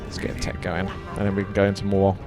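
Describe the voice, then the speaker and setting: A man's voice: low voice, completely flat delivery, fast, music in the background. A man giving casual, chatty gameplay commentary while he plays, joking at himself and reading viewer comments aloud.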